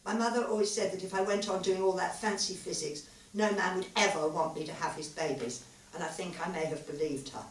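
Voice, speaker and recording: A woman reading aloud the lines of a sharp, clever young woman physicist, wry and candid. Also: on the low side, fairly quick, a little hiss or hum, lightly acted. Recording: echoey hall, mic far off.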